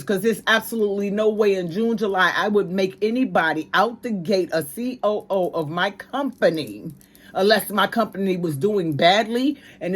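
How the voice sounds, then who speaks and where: Opinionated New woman ranting. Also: mid-range voice. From New York. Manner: emphatic, slangy, ranting. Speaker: commentary channel host. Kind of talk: opinionated commentary.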